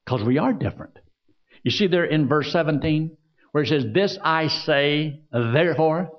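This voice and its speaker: Man preaching with lively, swinging pitch. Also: lo-fi sound. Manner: preaching with rhetorical questions and scripture readings. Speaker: pastor. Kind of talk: sermon.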